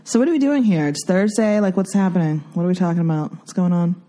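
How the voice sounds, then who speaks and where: A woman's voice: lowish voice, fast, warm tone. A woman co-hosting a casual podcast, teasing her partner and laughing often. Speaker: podcast co-host.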